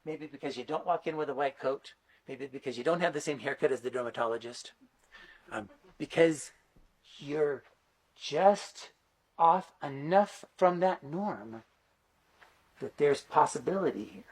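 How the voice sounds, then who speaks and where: At an unhurried pace, a middle-aged man with a husky, slightly high voice tells stories during a conference talk. A teacher by trade, he is animated and chatty, leaning on lots of fillers.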